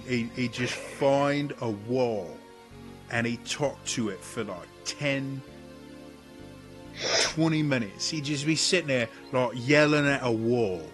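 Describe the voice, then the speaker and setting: Man playing a Cockney brawler, rough, blunt, rambling talker, bright voice. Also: medium pitch. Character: rough brawling male tavern regular, blunt.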